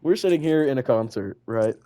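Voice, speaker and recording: A teenage boy chatting on a podcast, telling school stories in a loose, rambling way. He fills his talk with "like" and swearing. His voice sits at an ordinary pitch. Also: lively intonation, a little fast, dark tone. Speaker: podcast co-host. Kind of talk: casual storytelling chat.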